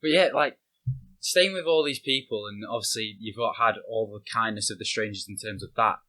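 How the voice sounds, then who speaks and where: A man's voice: on the low side, brisk, pushed and bright. A man hosting a podcast, chatting informally and laughing along with his guest. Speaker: podcast host. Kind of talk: casual interview chat.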